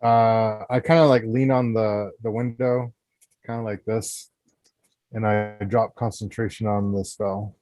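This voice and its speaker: A man's voice: on the low side, level tone, a little slow, a little mellow, no echo. A man as a player in a tabletop game, earnest and speaking partly in character.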